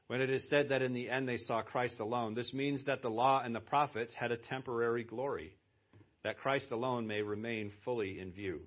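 A man preaching a sermon as pastor, talking conversationally and then pressing hard on key words for emphasis. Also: lowish voice. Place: church. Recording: dull lo-fi church sermon audio.

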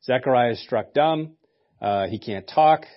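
A male pastor who preaches casually and keeps tossing in wry jokes. His voice is mid-pitched and easygoing. The recording sounds a little dull, like a church sermon capture. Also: animated, a little slow. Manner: conversational, joking asides.

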